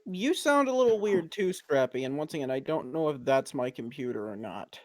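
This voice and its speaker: A man's voice: on the high side, lively intonation, normal speed, dry recording. A man chatting casually on a call, chatty and playful. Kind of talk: casual chat.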